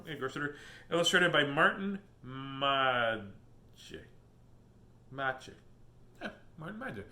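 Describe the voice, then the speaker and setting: Playful male host reading to kids, animated and jokey, roomy sound. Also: medium pitch. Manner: playful, joking asides and silly animal voices. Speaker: children's book reader. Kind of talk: reading a picture book aloud on video.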